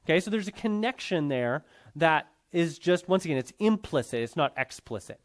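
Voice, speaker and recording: A man's voice: fairly high pitch, animated, normal speed. A man teaching a Bible class in a conversational lecture style, often checking in with his students.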